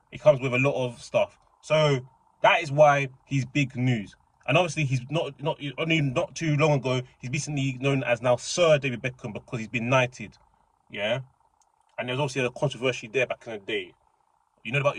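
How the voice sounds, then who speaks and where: A young man giving casual, excitable commentary, rambling with slang and frequent restarts. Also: medium pitch, husky. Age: young adult. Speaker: reaction channel host.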